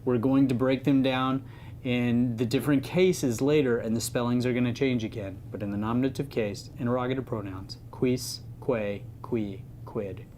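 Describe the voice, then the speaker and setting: Man teaching Latin, casual lesson, middle-pitched voice, faint hiss behind. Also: steady tone, normal speed, darkish tone. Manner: chatty, playful, stresses key words. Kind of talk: informal grammar lesson.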